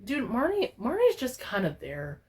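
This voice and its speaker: A young woman gaming vlogger, talking casually in an animated, profane, exaggerated rant. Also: on the high side, moderate pace. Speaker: gaming YouTuber. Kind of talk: casual ranting vlog.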